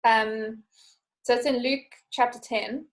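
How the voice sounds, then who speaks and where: Chatty woman guest, slightly high voice, tells stories animatedly and acts out quotes. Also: steady tone, slow pace, poor audio. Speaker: podcast guest. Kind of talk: casual chat.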